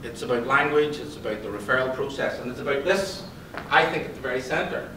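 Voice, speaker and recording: Man, motivational speaker, lively storyteller, echoey hall, distant mic. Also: medium pitch, brisk, noisy background. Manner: lively storyteller, quizzes the audience. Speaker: conference speaker and psychologist. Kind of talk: motivational talk to an audience. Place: event hall. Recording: roomy hall, distant pickup.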